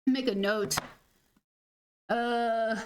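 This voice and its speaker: A high-pitched woman chatting casually through a gaming stream. She rambles and giggles often, dropping slangy words like 'dude' and 'freaking' as she talks. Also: fairly even intonation, extremely slow, slight background noise.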